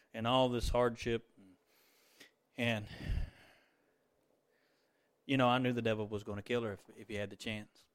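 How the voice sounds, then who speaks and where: A middle-aged man preaching a sermon, moving between fervent exclamations and quiet, tender storytelling. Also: mid-range voice, smooth.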